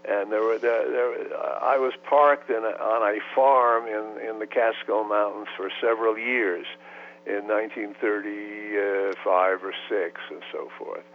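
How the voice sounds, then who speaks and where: A man's voice: lowish voice, fairly even intonation, a little slow, slight background noise. A man in his eighties from the United States, recalling his life in an oral history interview, hesitant with many fillers and restarts. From United States (Los Angeles, raised in New York City). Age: 80s. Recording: tinny phone line.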